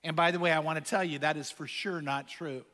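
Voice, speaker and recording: A man's voice: a little high, fairly even intonation, a little fast, bright, forceful tone, big-room sound. A man preaching a sermon, telling stories and asking the crowd rhetorical questions. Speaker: pastor.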